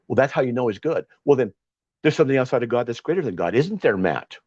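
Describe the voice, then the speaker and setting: Animated man teaching the Bible. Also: mid-range voice, fast talker, dry recording. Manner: animated, argumentative, with frequent restarts. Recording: dull, dry lo-fi recording.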